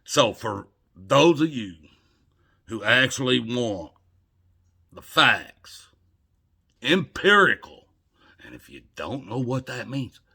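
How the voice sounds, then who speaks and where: An older man delivering an emotional, scolding monologue to camera, swinging between loud outbursts and hushed murmurs. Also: mid-range voice, very animated, slow, gravelly, long pauses, breathy edge. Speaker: video blogger.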